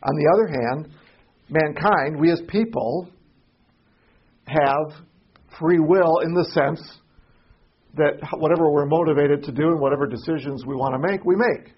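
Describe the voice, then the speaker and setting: A man teaching an adult Sunday school class in a church classroom, halting and repeating himself as he puts questions to the class. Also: fairly high pitch, slightly rough, lo-fi sound. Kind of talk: informal Bible class teaching.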